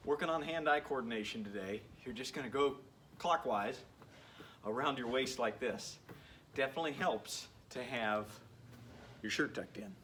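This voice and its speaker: Here a man instructs a home workout as a PE coach, his mid-range voice a bit bright and moderately paced. The distant recording carries a little hiss or hum. Upbeat and encouraging, he jokes as he goes and occasionally sounds out of breath.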